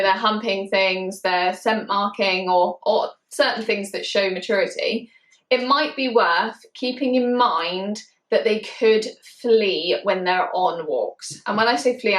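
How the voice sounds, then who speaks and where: A woman from the UK who owns dogs, chatting casually to camera, laughing often and slowing down to stress her points. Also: medium pitch, fairly bright tone. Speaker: dog owner vlogger. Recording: echoey room.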